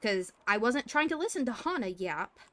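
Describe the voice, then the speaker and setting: A woman's voice: fairly high pitch, very animated, moderate pace, dry recording. Woman acting out radio calls in roleplay. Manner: acts out radio calls and quotes with feeling. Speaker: roleplay streamer playing a doctor. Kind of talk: animated in-character storytelling.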